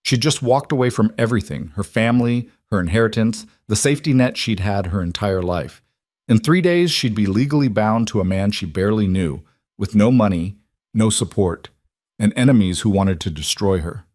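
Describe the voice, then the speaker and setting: A man narrating a scripted dramatic story in a measured, even way. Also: lowish voice, no room sound, studio quality.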